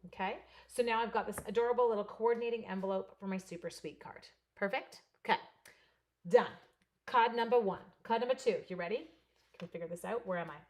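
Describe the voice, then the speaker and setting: A woman from Canada running a live card-making demo, chatting with viewers by name, her voice a little hoarse. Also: mid-range voice, a little fast, darkish tone. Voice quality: slightly hoarse voice. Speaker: stamping and card-making demonstrator. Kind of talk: live crafting demo with chat replies.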